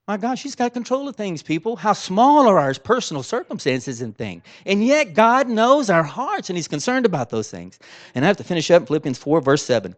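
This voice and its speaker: A man preaching a sermon, swinging between soft asides and loud exclamations in a folksy, informal way. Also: high-pitched, sing-song, fairly quick, no echo.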